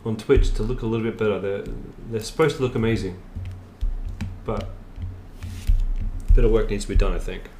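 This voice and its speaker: A man's voice: lowish voice, fairly quick, long pauses, a little mellow, faint music behind. A middle-aged man hosting a craft live stream in casual, self-mocking chat, laughing often. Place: home room. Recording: echoey room, faint ambience.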